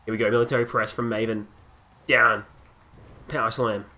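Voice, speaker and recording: A young Australian man casually commentating a wrestling video game, joking crudely and breaking into excited wrestling calls. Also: lowish voice, very fast, soft background music. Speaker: gaming commentator. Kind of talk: casual let's play commentary.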